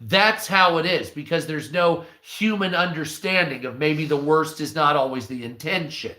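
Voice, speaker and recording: A man rants in a casual, profane way, with a high voice and a bright, forceful tone. He keeps slipping into quick impressions of the people he talks about. The sound is roomy and echoey. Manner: profane, animated, acts out quoted voices. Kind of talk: casual ranting commentary.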